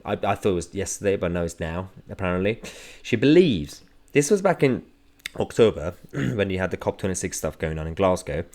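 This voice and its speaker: A man's voice: deep voice, very animated, a little fast, a little mellow. A man hosting a political commentary vlog, talking sarcastically and mockingly with chuckling asides. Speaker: host.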